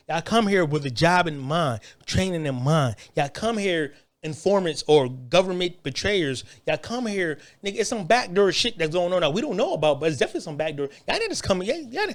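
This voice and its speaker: A man riffs through profane reaction commentary, mocking what he watches and laughing often. His voice sits high and swings widely in pitch.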